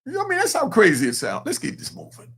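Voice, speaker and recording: Gravelly, high-voiced, fired-up man. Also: huge pitch swings, very fast, a bit bright. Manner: blunt, profane street talk, fired up. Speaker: podcast host. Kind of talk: casual opinionated commentary.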